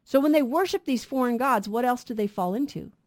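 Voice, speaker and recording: Woman, fairly high voice, radio Bible teacher, emphatic, rhetorical questions. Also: a little fast, darkish tone. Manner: emphatic, asks rhetorical questions and answers them.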